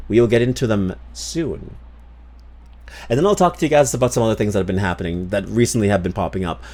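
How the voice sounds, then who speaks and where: A man's voice: fairly low pitch, darkish tone. A man streaming a game, chatting casually to his viewers in a rambling, profane way with many restarts.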